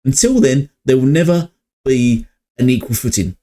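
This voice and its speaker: A man's voice: mid-range voice, moderate pace, mellow. A man running a casual gaming opinion vlog, rambling and hesitant with lots of fillers, recorded on a budget mic at home. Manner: rambling and hesitant, many fillers, chuckles between points. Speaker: gaming channel vlogger.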